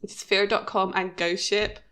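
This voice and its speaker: A woman in her thirties co-hosting a podcast, chatting casually about a TV episode and laughing often. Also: a little slow. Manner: chatty, laughs often, lively pitch jumps. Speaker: podcast co-host.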